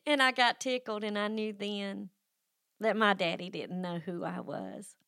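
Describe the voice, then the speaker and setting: A woman's voice: mid-range voice, lively intonation, unhurried, creaky, pushed and bright, smooth, no echo, clean studio sound. A middle-aged woman who hosts a faith podcast and tells a personal story in a folksy, emotional way, with sighs and restarts. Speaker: podcast host.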